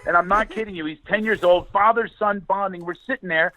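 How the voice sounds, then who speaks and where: A middle-aged man from Philadelphia, a comedian calling in as a guest, telling animated comic stories fast, laughing and restarting often. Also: high-pitched, no echo, low-quality recording. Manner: rapid, laughing, many restarts. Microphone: phone call.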